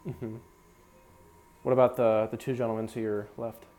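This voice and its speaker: A young man with a lowish, mellow voice speaks at normal speed in a level tone, coaching a small brass ensemble during rehearsal. He talks in a relaxed way with plenty of fillers and sings out syllables to demonstrate articulation.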